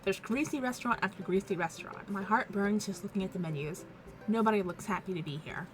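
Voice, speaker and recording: A woman's voice: medium pitch, fast talker, over music. A woman hosting a let's play, reading a visual novel aloud in a casual, wry tone.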